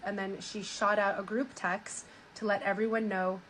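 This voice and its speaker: A woman streamer reacting live, reading a story aloud with stunned, animated asides. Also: medium pitch, moderate pace, slight background noise, poor audio.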